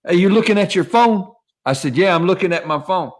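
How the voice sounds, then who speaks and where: A man's voice: high-pitched, lively intonation, brisk. A man hosting a casual chat, telling loose, profane stories and acting out phone calls. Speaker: host.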